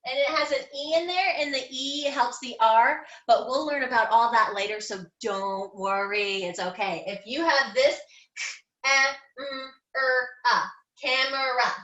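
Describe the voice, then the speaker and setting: A middle-aged woman teaching young children phonics online, upbeat and encouraging, slowly sounding out words. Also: fairly high pitch, fairly bright tone, highs cut off. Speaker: kindergarten teacher. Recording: echoey room.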